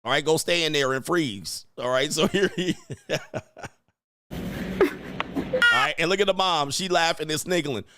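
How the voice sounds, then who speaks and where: A man's voice: a little high, normal speed, long pauses, pushed and bright, slight background noise. A man giving casual, profane reaction commentary on parenting clips, blunt and laughing often.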